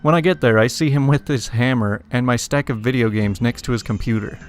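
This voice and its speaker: A man's voice: mid-range voice, a little fast. Man, casual story reader, wry asides, chuckles, faint music behind. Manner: chuckles between stories, adds wry asides. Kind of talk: casual narration of internet stories.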